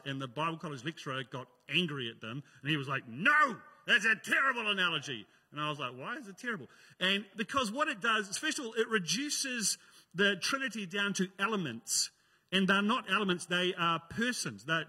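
A man's voice: high-pitched, pushed and bright, in a large hall. A man preaching a sermon in a joking, conversational way. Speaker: pastor.

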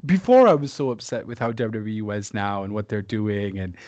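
A man's voice: lowish voice, very animated, brisk, darkish tone, dry recording, muffled recording. A man from Canada co-hosting a casual wrestling watch-along podcast, joking and laughing often. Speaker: podcast co-host.

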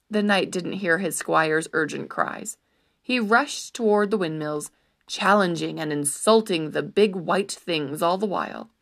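A woman narrating a storybook in an expressive, animated storytelling manner. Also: on the low side, a little slow, creaky.

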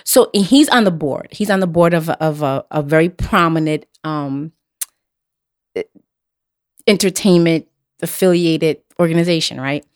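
A woman's voice: low voice, unhurried, long pauses. Blunt, emphatic woman host. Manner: blunt, emphatic, profane, repeats herself. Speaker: podcast host. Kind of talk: casual chat.

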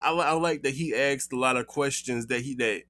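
A man's voice: mid-range voice, brisk, a bit bright. A man co-hosting a podcast in casual chat, rambling with restarts and comic asides. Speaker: podcast co-host.

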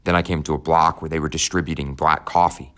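Very deep-voiced man narrating an audiobook. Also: fairly even intonation, fairly bright tone. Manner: measured, somber, first-person telling.

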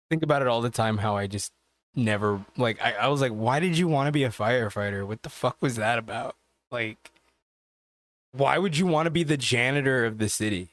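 A man's voice: medium pitch, fairly bright tone, no room sound. A man on a casual podcast, cursing freely and laughing as he rambles through stories. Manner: profane, rambling storyteller who laughs often. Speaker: podcast co-host. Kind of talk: casual chat.

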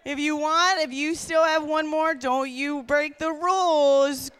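A woman's voice: high voice, fairly even intonation, a little slow, fairly bright tone. A woman with a Newfoundland accent, a pastor preaching fervently at a women's conference. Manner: fervent, exhorting. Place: large room with an audience.

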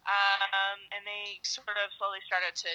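A woman being interviewed about cycling across the country, telling her stories in a lively, animated way with sudden high-pitched bursts. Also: measured pace, low-quality recording. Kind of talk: casual phone-style interview chat.

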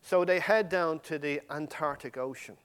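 This is a passionate sermon from a man who addresses the congregation head-on, his delivery rising to loud emphasis and dropping to hushed, barely whispered phrases. The pitch is slightly high, the pace normal, and the tone clean.

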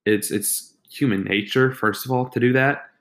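A man's voice: medium pitch, steady tone, normal speed, fairly bright tone. A young man co-hosting a faith podcast, talking casually with many restarts and fillers. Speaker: podcast co-host.

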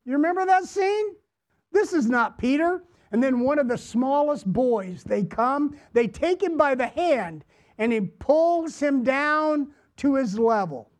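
A man preaching a sermon as pastor to his congregation, deliberate, repeating phrases and asking them questions. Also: very high-pitched, animated, a little mellow. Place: church, before a congregation.

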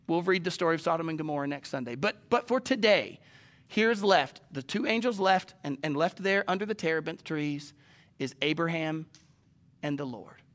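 A man preaching a sermon as pastor, firing rhetorical questions and swinging between emphatic raised lines and soft hushed ones. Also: high-pitched. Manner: asks the congregation many rhetorical questions.

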